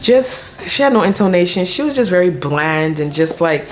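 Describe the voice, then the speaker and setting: A woman's voice: lowish voice, expressive, normal speed, a little hiss or hum. A young woman vlogger telling a personal story in casual, slangy speech full of fillers. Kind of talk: storytime vlog.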